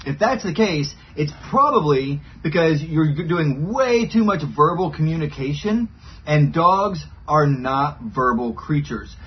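A man's voice: fairly high pitch, animated, unhurried, breathy edge. Man explaining dog training, lo-fi. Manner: explains with repeated "right?" asides. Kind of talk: casual instructional talk. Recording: dull lo-fi sound with faint ambience.

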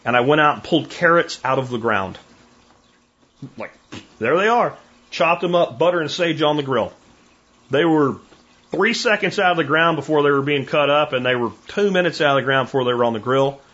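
A middle-aged man hosts a podcast as a casual monologue, telling stories and acting out the voices of the people he quotes. His voice is fairly high and fairly quick. The recording sounds dull and lo-fi.

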